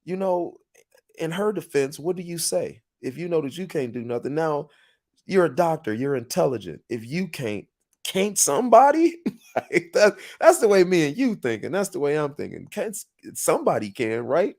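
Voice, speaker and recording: A man's voice: on the high side, sing-song, moderate pace, a little mellow. A man hosting a podcast in a casual monologue, earnest and motivational, telling stories with emphatic repetition. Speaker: podcast host.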